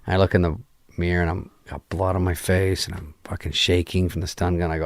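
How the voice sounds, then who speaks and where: A man as a podcast guest, telling a long story in a casual, deadpan way, full of swearing and acted-out dialogue. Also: low-pitched, brisk, no echo, studio quality. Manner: profane, deadpan anecdote acting out quoted dialogue. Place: podcast studio. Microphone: studio microphone.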